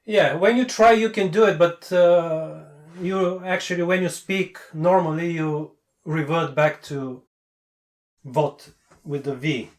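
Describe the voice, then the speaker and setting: A non-native English-speaking man with a somewhat high voice, coaching in a casual call. He talks bluntly and with emphasis, and he hammers his main points again and again. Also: measured pace. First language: not English. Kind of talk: casual video call chat.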